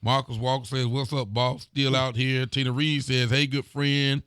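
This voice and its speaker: Relaxed sheriff reading viewer comments. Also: male voice, mid-range voice, moderate pace, smooth, no echo, clean studio sound. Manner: relaxed, folksy, greets viewers by name. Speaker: sheriff hosting a local talk show. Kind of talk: casual live-stream chat reading viewer comments.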